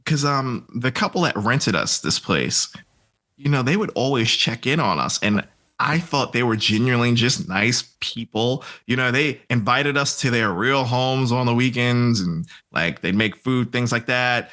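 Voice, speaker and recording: A young man guesting on a podcast, telling a story in an animated, profane way and laughing as he acts out what others said. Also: mid-range voice, a little slow. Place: podcast recording.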